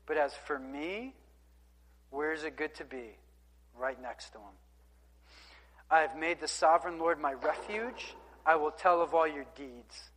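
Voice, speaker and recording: A man's voice: on the high side, a little slow, fairly bright tone. A man preaching a sermon in a conversational, emphatic way, reading scripture aloud and breaking in with casual asides. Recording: long hall reverb.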